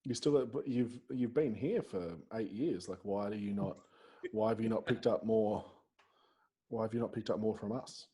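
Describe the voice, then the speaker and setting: A man's voice: fairly low pitch, normal speed, mellow, husky. A man hosting a podcast, asking curious questions that restart and ramble. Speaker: podcast host. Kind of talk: casual interview.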